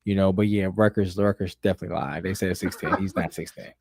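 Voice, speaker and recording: Animated, profane man, dry sound. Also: sits low, quick pace, vocal fry, no room sound. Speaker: podcast co-host. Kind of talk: casual sports talk.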